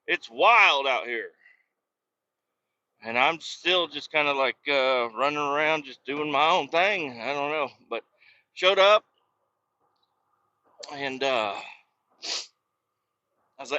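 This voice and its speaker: A man's voice: on the high side, lively intonation, normal speed, sharp tone, muffled recording. A man hosting his own podcast, rambling casually and profanely from inside a work truck, often breaking off mid-thought. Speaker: podcast host.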